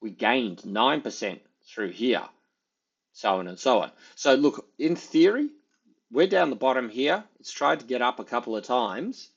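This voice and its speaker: A man's voice: mid-range voice, big pitch swings, measured pace, gravelly, slightly rough, dull audio. A man giving casual, rambling market commentary, thinking aloud with many fillers as he talks through charts. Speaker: market analyst.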